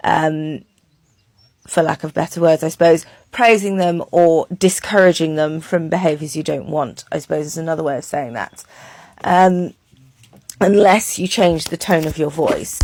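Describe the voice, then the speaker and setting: Brief: woman, horse trainer, gravelly low voice, dry close sound. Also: a little slow, no room sound. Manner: relaxed and chatty, with many ums. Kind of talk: casual voice-over commentary on training footage.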